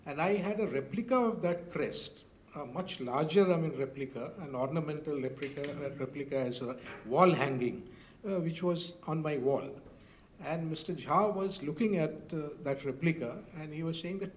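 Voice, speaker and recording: A man's voice: a little high, normal speed, reverberant. An older man with an Indian English accent, a former newspaper editor speaking on a university panel in a hesitant storytelling way full of "I mean" fillers.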